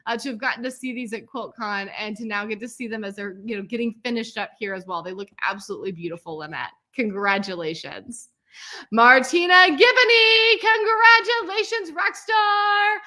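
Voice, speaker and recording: A woman hosting a quilting class celebration, gushing with praise and calling out each student's name with a loud cheer. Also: medium pitch, steady tone, fairly quick, hardly any pauses. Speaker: quilting teacher and host. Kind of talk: livestream celebration of student work.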